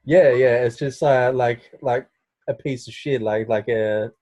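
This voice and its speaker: Joining a video call as a guest, a young Aussie with an Australian accent chats in a loose, rambling way, peppering his talk with "like" and "man." His voice sits mid-range, somewhat slow and dark-toned, with fairly even intonation.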